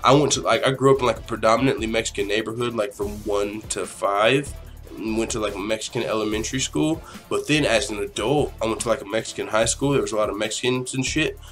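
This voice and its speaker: A man's voice: lowish voice, fast talker, a bit bright, soft background music. A man in his twenties hosting a casual podcast Q&A, talking in a rambling, opinionated way and swearing freely. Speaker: podcast host.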